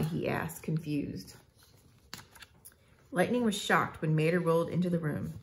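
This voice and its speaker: Low gravelly woman reading a storybook. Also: unhurried, pauses often, a little hiss or hum. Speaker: narrator. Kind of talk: storybook read-aloud.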